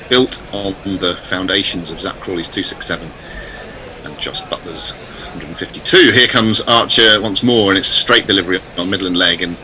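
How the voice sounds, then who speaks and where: A man giving chatty, measured ball-by-ball cricket commentary. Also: deep voice, background noise. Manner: measured, chatty, self-deprecating.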